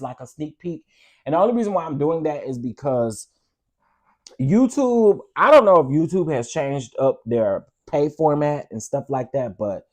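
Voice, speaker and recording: A man, hosting a casual live stream, chatting with his viewers in an animated, preachy way. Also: medium pitch. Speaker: host.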